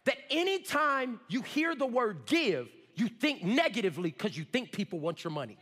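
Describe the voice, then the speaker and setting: A male pastor preaching a sermon, swinging between shouts and low asides. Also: very animated, moderate pace, long reverb tail. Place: church sanctuary.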